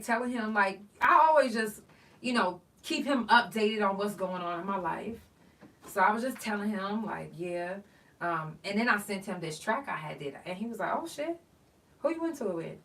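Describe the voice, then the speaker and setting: Woman, podcast host, animated, swears, a bit distant from the mic. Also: medium pitch. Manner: animated storytelling, swearing, acting out texts. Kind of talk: casual solo chat.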